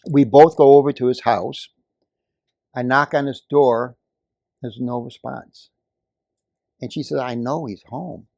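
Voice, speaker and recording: Gravelly older man making an impassioned plea. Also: medium pitch, fairly even intonation, a little slow, pauses often, no room sound. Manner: emphatic, storytelling, rising to forceful outbursts. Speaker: community volunteer speaking at a meeting. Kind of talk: impassioned public comment.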